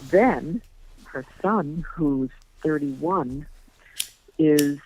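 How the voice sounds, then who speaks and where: An older woman on a recorded phone call, chatting in a rambling, hesitant way with a gravelly voice. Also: deep voice, drawn-out words, darkish tone. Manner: rambling, hesitant, with many fillers. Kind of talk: casual phone chat. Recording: tinny wiretapped phone line, dry.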